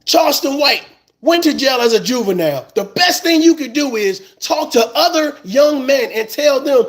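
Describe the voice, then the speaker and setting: A man's voice: very high-pitched, lively intonation, normal speed. A man in a fired-up, profane rant, repeating words when he gets heated. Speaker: commentator. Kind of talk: impassioned rant.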